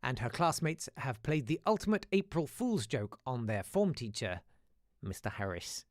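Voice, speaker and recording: A British man hosting a casual live podcast, telling animated stories and reading listener emails. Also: medium pitch, normal speed, no echo, studio quality. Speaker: host.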